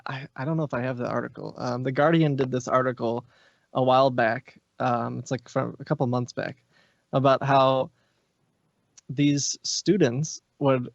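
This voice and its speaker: A man's voice: medium pitch, no echo. Man telling long stories, dull dry sound. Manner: explains at length in long stories. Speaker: podcast guest. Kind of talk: casual podcast chat.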